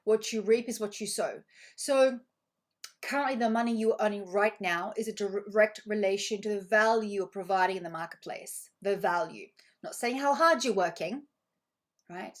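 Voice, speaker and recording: A woman's voice: mid-range voice, moderate pace. Woman, online coach: effusive, repeats key phrases, reads chat aloud, mid-range voice. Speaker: money coach. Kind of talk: live online group training.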